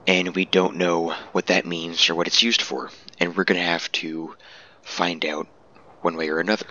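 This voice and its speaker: A man's voice: low-pitched, little pitch movement, normal speed, bright, forceful tone. A man giving casual, laid-back commentary over a game walkthrough, amused at himself at times, on a dull lo-fi mic.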